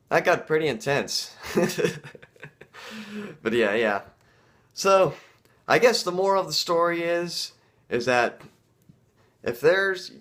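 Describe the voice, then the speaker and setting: A man vlogger telling a casual story to camera, halting and full of fillers. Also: medium pitch, a bit bright.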